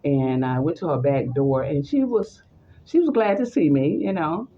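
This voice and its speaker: A woman with a deep voice, speaking at normal speed, tells a personal story in conversation with animation, voicing the people in it. The highs are cut off and there's slight background noise.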